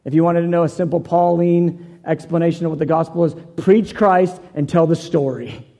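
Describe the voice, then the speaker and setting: Gravelly high-voiced male preacher in a hall. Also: fairly even intonation, normal speed, mellow. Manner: earnest, repeats and restarts phrases. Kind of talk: sermon with personal storytelling.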